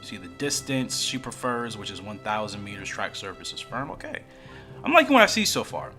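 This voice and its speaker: Low-voiced guy rambling through a phone game for his channel, voice bouncing all over, chill and self-deprecating. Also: big pitch swings, brisk, music in the background. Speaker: gaming YouTuber. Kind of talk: casual mobile game commentary.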